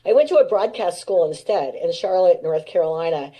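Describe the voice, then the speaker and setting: A woman's voice: on the low side, animated, a little fast, mellow, breathy edge, rough recording. A woman in her sixties, a veteran radio personality, telling candid stories from her career in an interview, laughing now and then. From United States. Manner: candid, laughing, acts out quoted voices. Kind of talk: storytelling interview.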